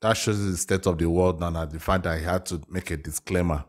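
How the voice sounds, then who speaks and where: Low-voiced man reacting casually. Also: steady tone, fairly quick. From Africa. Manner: candid, chatty, restarts, exclaims. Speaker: reaction video host.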